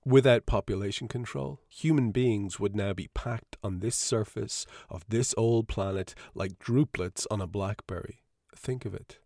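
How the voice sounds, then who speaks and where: A man doing a smooth, lecturing old doctor. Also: on the low side, darkish tone, dry recording, studio quality. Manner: lecturing, brisk and emphatic. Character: composed older male doctor, smoothly persuasive.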